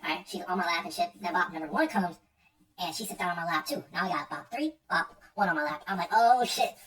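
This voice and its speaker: A man's voice: sits high, fast talker, pushed and bright. A young man telling a casual, rambling story full of slang and swearing, often repeating himself as he goes. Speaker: streamer. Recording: distant mic with faint music.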